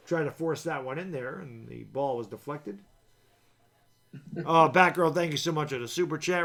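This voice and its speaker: A man co-hosting a live sports stream, chatting casually, thanking viewers and calling plays, jokey and loud on big moments. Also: fairly high pitch, normal speed, vocal fry. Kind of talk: live stream chat with play-by-play.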